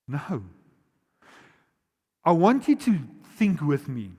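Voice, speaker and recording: A man preaching a sermon as pastor. He swings between loud, urgent emphasis and quiet, slowly drawn-out words, and asks the congregation questions directly. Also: on the high side, big pitch swings, breathy edge. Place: large church auditorium. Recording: long reverb of a church hall.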